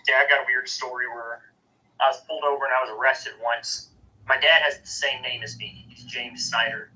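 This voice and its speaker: A man's voice: medium pitch, steady tone, a little fast, pushed and bright, rough recording. A man with a St. telling a story in a casual podcast chat, blunt and matter-of-fact with some swearing. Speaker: podcast co-host.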